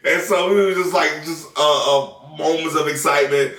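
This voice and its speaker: A man's voice: fairly high pitch, fairly even intonation, normal speed, fairly bright tone. A man from the South, telling a story in a casual vlog chat, laughing and swearing freely. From Southern United States. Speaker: vlogger, new father. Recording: echoey room, mic at a distance.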